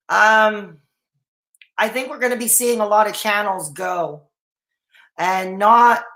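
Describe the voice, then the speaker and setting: Chatting on a casual live stream while hiccuping, a woman responds to viewer comments in a rambling way, full of fillers and restarts. Her mid-range voice is bright and forceful, with a reverberant sound.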